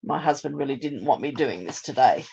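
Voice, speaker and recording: A middle-aged woman hosts a live card-making demonstration. Her voice is a little hoarse as she recovers from losing it, and she explains each step in a chatty way with many ums. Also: rumbling low, lively intonation, a little fast, warm tone. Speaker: crafting live-stream host.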